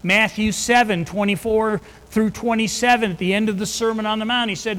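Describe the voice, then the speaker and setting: A man's voice: sits high, steady tone, a little fast, few pauses, a bit bright. A man preaching a sermon, talking conversationally with restarts and rising with emphasis when he quotes scripture. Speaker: pastor. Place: church sanctuary. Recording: long reverb of a large hall.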